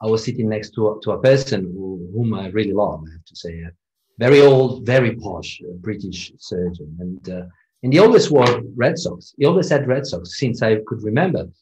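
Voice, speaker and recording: Low-voiced man telling relaxed anecdotes. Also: a little fast, rough recording. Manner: anecdotal, reflective, self-deprecating. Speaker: interviewee. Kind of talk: casual interview conversation.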